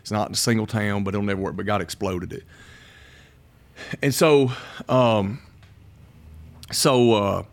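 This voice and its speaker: Folksy pastor with gravelly voice. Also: male voice, on the low side, measured pace, pauses often. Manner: folksy, laughs often, quotes himself. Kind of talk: casual interview storytelling.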